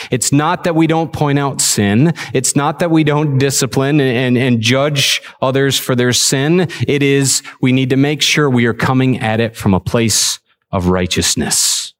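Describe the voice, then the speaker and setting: A man preaching to his congregation with an average-pitched voice. He talks earnestly, stumbles and repeats words, and turns lively when he drives a point home. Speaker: pastor. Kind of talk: sermon. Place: church service.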